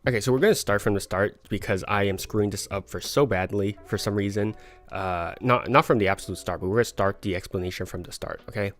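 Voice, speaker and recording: Lower-voiced man teaching card technique. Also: fast, fairly bright tone. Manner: self-deprecating, stumbling, laughs at his mistakes. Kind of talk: livestream tutorial. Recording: faint background music.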